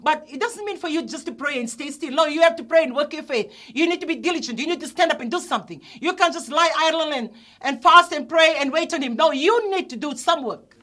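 A woman pastor preaches in a high, light voice. She tells her testimony earnestly and rises into emphatic calls to her listeners. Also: expressive, fast, pushed and bright. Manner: earnest storytelling, rising to emphatic exhortation. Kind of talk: testimony sermon.

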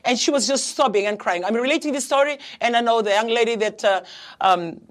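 A woman's voice: on the high side, fairly quick. Earnest woman preaching. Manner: earnest, pleading, repeats phrases, frequent hesitations. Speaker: pastor and prayer counselor. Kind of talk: heartfelt sermon.

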